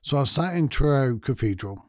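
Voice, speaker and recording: A man hosting his own podcast, talking in a gentle, candid way and thinking aloud. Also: medium pitch, expressive, moderate pace, no room sound, studio quality. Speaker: podcast host. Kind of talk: reflective solo podcast talk.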